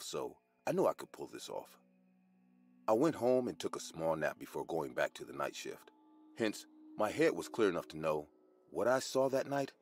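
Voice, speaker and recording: Man, deep low voice, animated, scripted horror narration. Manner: expressive storytelling.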